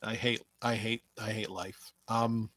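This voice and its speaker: A man's voice: fairly low pitch, level tone, a little slow, fairly bright tone, no echo. A young man hosting a casual wrestling podcast, rambling and sarcastic, swearing and talking straight at a wrestler. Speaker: podcast host.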